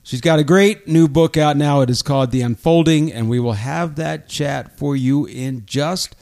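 A man hosting a book podcast, telling stories and introducing guests in a lively, casual way. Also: fairly high pitch, moderate pace, vocal fry. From Colorado. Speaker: podcast host.

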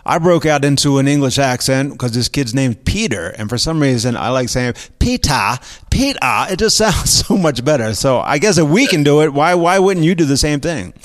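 A man's voice: a little high, lively intonation, brisk, hardly any pauses. An American man interviewing an author in casual chat, curious and self-deprecating. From United States.

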